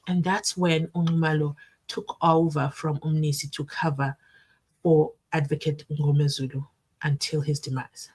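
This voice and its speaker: A young South African woman with a South African accent hosting a casual live-stream from her desk, reading viewer comments aloud and reacting in an animated way. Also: sits low, moderate pace. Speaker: commentary channel host. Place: at a desk at home.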